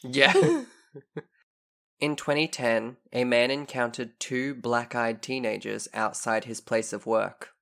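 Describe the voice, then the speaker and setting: Guy cohosting a podcast, kinda gravelly voice, reading creepy stories and getting all excited. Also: mid-range voice, slow pace. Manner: animated, bursts of excitement when reacting. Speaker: podcast co-host. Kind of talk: casual chat and dramatic story reading.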